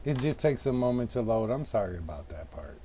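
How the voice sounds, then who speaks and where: A man's voice: mid-range voice, sing-song, fairly quick, mellow, a little hiss or hum. A man from Detroit, casually chatting with viewers while playing a farming game on a live stream, slangy and laid-back. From Detroit, USA.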